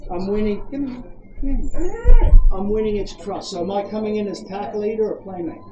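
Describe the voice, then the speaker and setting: An Australian dog trainer coaching owners outdoors, giving brisk commands and checking in with questions. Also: medium pitch, lo-fi sound. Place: outdoors at a campground. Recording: echoey, distant, noisy outdoor ambience.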